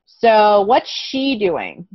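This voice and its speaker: Slow, clear woman teaching phonics. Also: medium pitch, wildly swooping pitch, dry recording. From United States. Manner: slow, clear, encouraging, repeats letter sounds. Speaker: kindergarten English teacher. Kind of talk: online phonics lesson for young children. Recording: dull, dry lo-fi sound.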